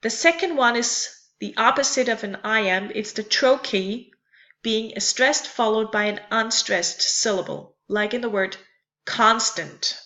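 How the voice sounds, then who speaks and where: Woman, teacher, slow deliberate lecture, crisp bright voice, lo-fi dull recording. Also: fairly high pitch. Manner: careful, repeats and spells out terms.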